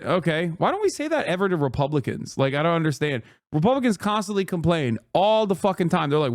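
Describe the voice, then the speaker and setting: A man's voice: a little high, lively intonation, quick pace, no room sound, studio quality. A man from Turkey streaming live, reacting to clips and ranting sarcastically with lots of swearing. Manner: profane, heated, sarcastic.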